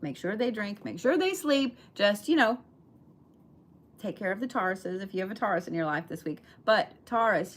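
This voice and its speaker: A woman giving a chatty, emphatic live tarot reading to her viewers. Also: mid-range voice. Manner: chatty, emphatic, swears casually, talks to viewers. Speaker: tarot reader.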